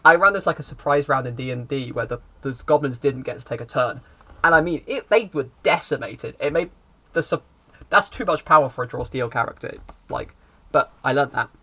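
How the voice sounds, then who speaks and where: A man's voice: mid-range voice, a little fast, sharp tone. Rambling man recounting a game session. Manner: rambling, self-correcting storytelling. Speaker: game master giving advice. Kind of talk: casual explainer talk.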